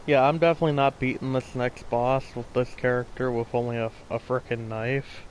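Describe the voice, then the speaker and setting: A man's voice: medium pitch, flat delivery, fairly quick, a little hiss or hum. Tired, rambling male gaming commentator. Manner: rambling, tired, yawning, casual swearing. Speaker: gaming channel host. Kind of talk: casual gameplay voiceover commentary.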